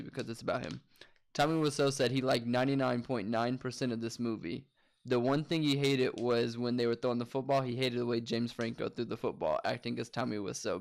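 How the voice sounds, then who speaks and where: A man's voice: medium pitch, gravelly. A young man co-hosting a casual chat, laid-back and chuckling as he adds movie trivia. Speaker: co-host.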